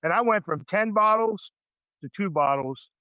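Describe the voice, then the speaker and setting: A man's voice: sits high, lively intonation, normal speed, clear, resonant tone, dry recording, muffled recording. A man in his fifties, a veteran guest on a podcast, talking in a rambling, emphatic way and saying "man" constantly. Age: 50s. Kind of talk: casual podcast conversation.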